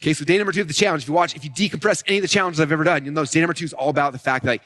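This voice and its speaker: A man teaching a live marketing session, fast and energetic, often acting out customers' thoughts. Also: fairly high pitch. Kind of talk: live event teaching talk.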